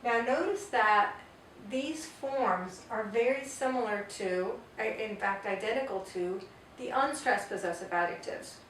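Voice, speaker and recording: A woman's voice: a little high, measured pace, a bit bright. A woman teaching a grammar lesson, patiently spelling out word forms one at a time. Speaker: Spanish teacher. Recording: echoey room, far from the mic, faint hiss.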